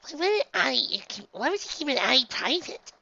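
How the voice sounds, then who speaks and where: A narrator voicing a timid, excitable young pony filly in a high squeak, on a dull lo-fi recording. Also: fast talker, gravelly, heavily acted. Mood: puzzled.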